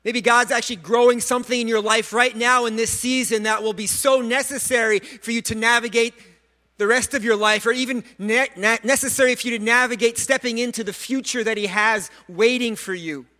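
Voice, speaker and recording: A male pastor delivering a sermon in a high, bright, ringing voice. He speaks earnestly and with animation, often stumbling over repeated words. He drops in self-mocking jokes along the way. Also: fairly even intonation, fairly quick. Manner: self-deprecating humor.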